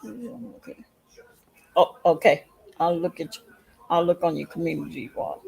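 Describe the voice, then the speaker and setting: A woman's voice: low-pitched, little pitch movement, normal speed, gravelly, a little mellow, husky, rough recording. A woman hosting a casual livestream chat, rambling through a story and talking straight to her viewers. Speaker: livestream host.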